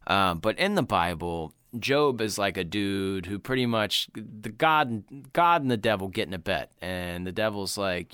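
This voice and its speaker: A man's voice: on the low side, normal speed, hardly any pauses, fairly bright tone, smooth, dry recording, studio quality. A man co-hosting a casual movie podcast, talking with lots of swearing and laughing as he retells scenes. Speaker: podcast co-host.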